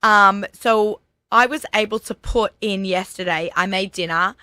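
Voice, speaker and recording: Australian woman host, chatty and eager, crisp bright tone, dry studio sound. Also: mid-range voice, dry recording. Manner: chatty, enthusiastic, quick restarts. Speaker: show host. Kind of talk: casual radio chat. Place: radio studio.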